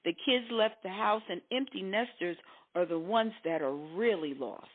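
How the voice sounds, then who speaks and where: A woman's voice: medium pitch, normal speed. A woman co-hosting a casual talk show, speaking in a preachy way and acting out quoted voices. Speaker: co-host. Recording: tinny phone-like audio.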